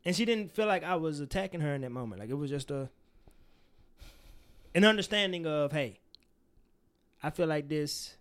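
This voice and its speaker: A young man co-hosting a casual podcast, talking through friendship advice candidly and animatedly, swearing freely and acting out quoted lines. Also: fairly high pitch. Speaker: podcast co-host.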